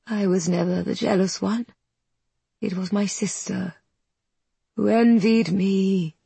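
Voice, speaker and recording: A woman reading the part of a grieving old queen who speaks slowly, with an almost childlike voice. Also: medium pitch, steady tone, vocal fry, dark tone, husky, dry recording, heavily acted. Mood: sorrowful. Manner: slow, sighing, almost childlike. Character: mournful old Queen weaving at a loom.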